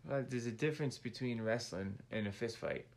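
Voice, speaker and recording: A woman's voice: extremely low pitch, a little fast, darkish tone. A woman co-hosting a podcast, talking bluntly and mockingly with frequent laughs. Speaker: podcast co-host. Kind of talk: casual chat reacting to clips.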